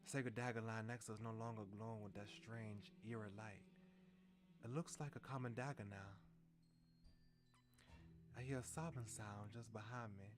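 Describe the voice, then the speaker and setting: A man's voice: fairly low pitch, fairly even intonation, normal speed, long pauses, over music. A man streaming a story game, reading its lines aloud and often restarting and correcting himself.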